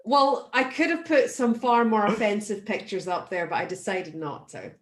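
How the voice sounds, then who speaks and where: A woman co-hosts an online meetup in a relaxed, chatty way. Her voice sits at a middle pitch and has a roomy echo around it. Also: normal speed, background noise. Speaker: webinar co-host. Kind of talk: casual chat. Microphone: video call.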